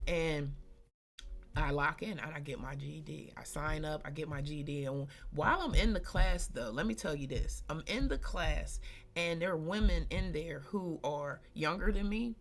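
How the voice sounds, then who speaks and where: Gravelly-voiced woman telling a blunt story. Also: low-pitched, moderate pace, a little hiss or hum. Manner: colloquial and blunt, heavy slang and swearing; animated, addresses listeners directly. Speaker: host. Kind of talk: candid personal storytelling on a live stream.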